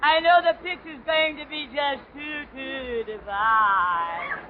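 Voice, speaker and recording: A gushing, affected movie starlet, put on by a woman comic who drags out every grand word in high-flown theatrical style. The voice sits a little lower than her natural register and sounds set back from the mic. It comes through a dull, muffled 1930s radio broadcast recording. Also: takes it slowly, heavy background noise.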